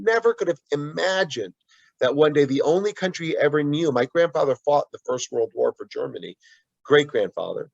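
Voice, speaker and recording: A man's voice: a little high, vocal fry, no echo, highs cut off. A man being interviewed as an author, answering earnestly with frequent restarts and asides. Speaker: guest author.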